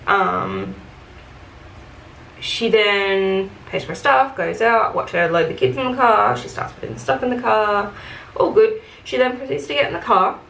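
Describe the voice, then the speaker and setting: A woman's voice: mid-range voice, creaky, fairly bright tone. A woman telling a casual story about her retail job while doing her makeup, chatty, with lots of fillers. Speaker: beauty vlogger. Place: room at home, doing makeup. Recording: echoey room, faint background hiss.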